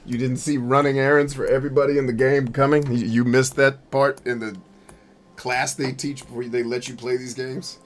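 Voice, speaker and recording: A man's voice: medium pitch, level tone, moderate pace, slight background noise. A man hosting a gaming video, riffing in a joking, slangy way while he plays. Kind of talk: let's-play commentary.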